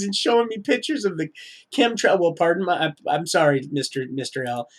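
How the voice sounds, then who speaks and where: High-voiced man rambling on a live stream. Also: wildly swooping pitch, creaky. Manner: halting, full of restarts and trailing asides; preachy, sprinkles in religious talk. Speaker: livestreamer telling his life story.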